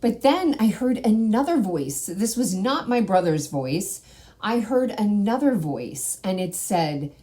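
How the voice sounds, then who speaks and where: A woman's voice: medium pitch, very animated, measured pace, dark tone. A woman host sharing a personal spiritual testimony in a conversational way, often asking "right?".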